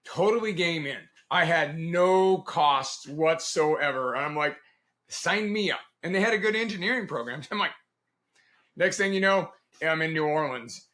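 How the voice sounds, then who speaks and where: Bright, lively middle-aged man telling stories. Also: fairly high pitch, normal speed. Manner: animated, laughs often, acts out quoted dialogue. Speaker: guest, Navy veteran. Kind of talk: casual storytelling interview.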